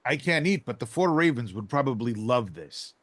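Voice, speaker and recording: A man's voice: mid-range voice, lively intonation, moderate pace, fairly bright tone. A man playing a character in a tabletop game, playful and declaring his actions. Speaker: player. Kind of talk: tabletop role-play banter.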